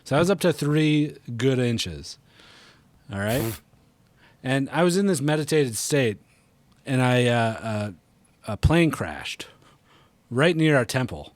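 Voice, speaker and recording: A man's voice: medium pitch, slow pace, long pauses, dry recording. Joking Wisconsin man, dry close mic. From Wisconsin, USA. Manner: joking, tells tall tales deadpan. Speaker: podcast co-host. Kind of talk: casual gaming podcast chat.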